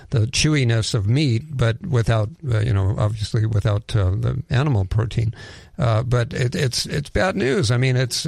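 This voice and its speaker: Gravelly male interview host. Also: medium pitch, a little mellow, dry recording, studio quality. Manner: conversational, opinionated, quick asides.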